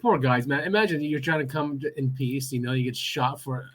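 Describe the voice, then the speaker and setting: A man hosting a podcast in casual chat, excitable and laughing often. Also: medium pitch, brisk, a little hiss or hum. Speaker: podcast host.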